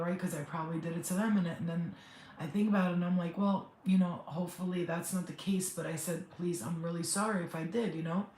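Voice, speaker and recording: A woman's voice: on the low side, darkish tone. A middle-aged woman, a spiritual healer, talking to viewers on a live stream while crying, rambling and emotional. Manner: tearful, rambling, talks straight to viewers. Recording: echoey room, faint background noise.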